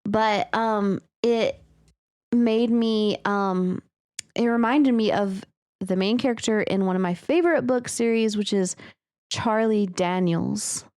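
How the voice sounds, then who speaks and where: A woman's voice: mid-range voice, a little mellow, smooth, dry recording. Agreeable woman podcast co-host, dry sound. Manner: agreeable, lots of "mm-hmm" and "um". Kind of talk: casual chat.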